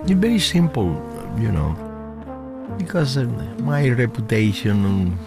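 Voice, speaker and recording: An older man who grew up speaking tells stories animatedly in a radio interview, often laughing and jumping up into high acted quotes. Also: very animated, unhurried, gravelly, over loud music. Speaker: interview guest, musician.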